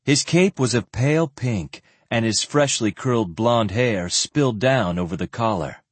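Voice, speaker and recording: A man narrating a fantasy novel aloud in an expressive storytelling manner. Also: mid-range voice, a little slow, slightly rough, no room sound. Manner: expressive, even-paced storytelling. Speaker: audiobook narrator. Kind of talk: scripted narration.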